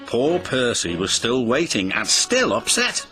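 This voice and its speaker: A man narrating a children's storybook in an expressive, sing-song way. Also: mid-range voice, unhurried, hardly any pauses. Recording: music behind the voice.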